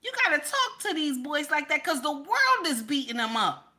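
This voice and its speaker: A woman's voice: high-pitched, very animated, normal speed, bright, forceful tone. A middle-aged woman giving casual, emphatic reaction commentary, repeating her points in a preachy way.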